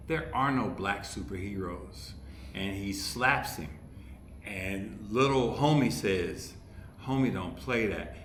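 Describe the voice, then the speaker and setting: Male podcast guest, animated raconteur who does the voices, roomy echo, faint hiss. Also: fairly low pitch. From Ohio, USA. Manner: animated storyteller who acts out the people he quotes. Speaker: podcast guest, comedy writer. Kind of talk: casual storytelling chat. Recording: echoey room with faint background noise.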